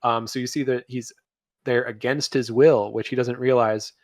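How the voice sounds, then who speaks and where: A man co-hosting a podcast, recapping a movie plot in a loose, rambling way with fillers, his voice dropping quiet at the ends of phrases. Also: mid-range voice, steady tone, normal speed, no room sound, studio quality. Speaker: podcast co-host. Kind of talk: casual movie review chat.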